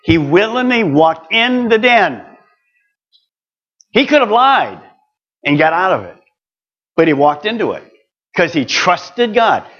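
A man's voice: sits high, very animated, slow pace, pauses often, fairly bright tone, highs cut off. An older man preaching a sermon, earnest and building to emphatic exhortation.

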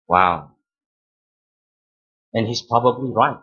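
A man preaching a sermon as pastor, teaching deliberately, stressing key words and repeating phrases. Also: medium pitch, lively intonation, bright, forceful tone, slightly rough, dull audio.

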